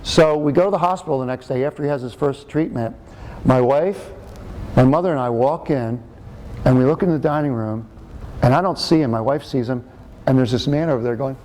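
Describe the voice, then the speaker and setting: A man's voice: medium pitch, fairly quick, a little mellow, slight background noise. A middle-aged man giving a talk, telling a personal story in a chatty, joking way with frequent fillers and restarts. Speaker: speaker and author.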